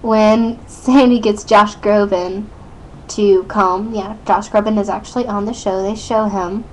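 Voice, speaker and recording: A woman's voice: mid-range voice, steady tone, unhurried, low-quality recording. A teenage girl recapping a TV episode into her webcam, chatty and rambling, full of "like" and "um", giggling often. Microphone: built-in webcam mic.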